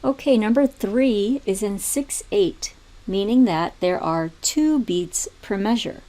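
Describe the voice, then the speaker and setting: A woman teaching music theory in a video tutorial, explaining step by step in a calm way and now and then singing rhythms aloud. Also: mid-range voice, slow pace.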